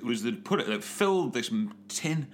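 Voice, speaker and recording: A man's voice: mid-range voice, animated, moderate pace, a little hiss or hum. A man of about thirty, co-hosting a podcast while hungover, talking in a sardonic, grumpy and sweary way. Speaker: podcast co-host. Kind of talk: casual banter.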